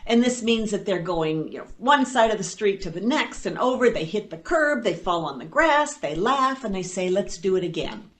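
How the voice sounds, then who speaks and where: A woman and foster parent telling a personal story at a storytelling event, animated and playful, with dry asides. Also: medium pitch, normal speed, hardly any pauses.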